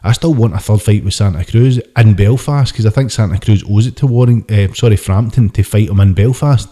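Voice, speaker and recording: Podcast co-host: man, lowish dark voice, heated sweary rants. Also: brisk. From United Kingdom. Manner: sweary, ranting, animated. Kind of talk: casual boxing chat.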